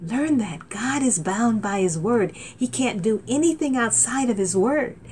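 A middle-aged woman preaching a sermon as a minister, talking loosely with fillers and restarts and rising to excited exclaims. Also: a little high, measured pace, a little hiss or hum. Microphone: laptop.

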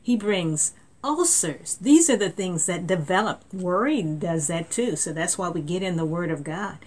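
A woman's voice: fairly low pitch, lively intonation, measured pace. A woman preaching a sermon in an earnest tone, often repeating words and reading scripture aloud.

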